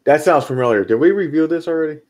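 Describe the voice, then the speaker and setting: A man co-hosting a casual podcast, chatting in a quick, agreeable way. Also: fairly high pitch, animated, a little mellow. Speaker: podcast co-host. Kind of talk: casual chat.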